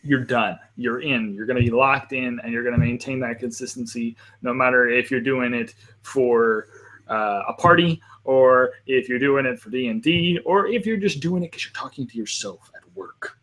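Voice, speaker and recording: A man's voice: medium pitch, normal speed, fairly bright tone. A man hosting a live panel discussion, talking casually and at length in a friendly, rambling way with lots of fillers. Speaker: panel host.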